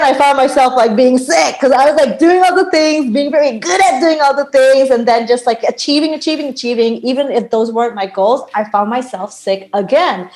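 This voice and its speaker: Woman guest, 30s, from Bangladesh, slightly high voice, easygoing chat, laughs a lot. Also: darkish tone, poor audio. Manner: chatty, laughs often, lots of "like". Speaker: podcast guest, sound healer. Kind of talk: casual conversation.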